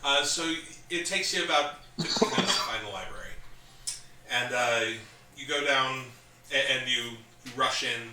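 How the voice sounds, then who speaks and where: Bright distant male game master. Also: medium pitch, moderate pace. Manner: relaxed, laughing, many fillers and restarts. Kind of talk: narrating a tabletop game. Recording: roomy, distant mic, faint noise.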